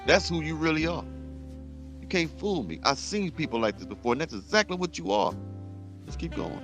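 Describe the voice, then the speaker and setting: Brief: male reaction host, blunt heated rant, a bit high-voiced, soft music bed underneath. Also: very animated, a little fast. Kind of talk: commentary rant.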